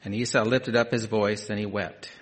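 A man's voice: lowish voice, fairly even intonation, normal speed. Male preacher, scripture reading with conversational asides. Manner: reads scripture aloud, then adds conversational asides, dropping to quiet emphasis. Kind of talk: sermon.

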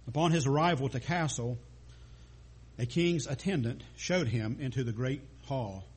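A man's voice: mid-range voice, husky. A man preaching a sermon, telling a story with small stumbles and restarts.

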